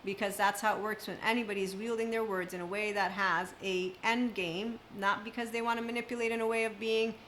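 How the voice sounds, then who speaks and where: A woman's voice: mid-range voice, fairly even intonation, fairly quick, hardly any pauses, a bit bright, slight background noise, poor audio. A woman speaking as a spiritual self-help speaker, talking emphatically in long run-on sentences in an unscripted monologue.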